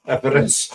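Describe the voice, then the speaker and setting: A man's voice: a bit bright, slight background noise. Scottish male podcast host, playful ribbing, slightly distant recording. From Scotland. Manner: teasing, playful, chatty. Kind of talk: casual chat. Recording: voice distant from the mic.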